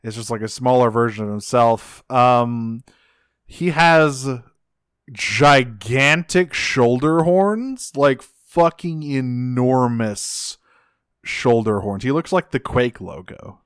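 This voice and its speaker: A man's voice: medium pitch, slow pace, smooth, no echo, studio quality. A man co-hosting a podcast, talking casually with swearing and enthusiasm. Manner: casual, profane, excitable. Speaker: podcast co-host. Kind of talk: casual chat.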